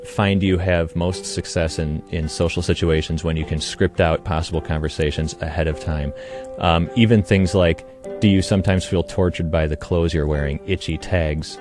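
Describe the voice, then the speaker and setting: A man recalling personal memories as an interview guest, thoughtful and hesitant, with frequent ums. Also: sits low.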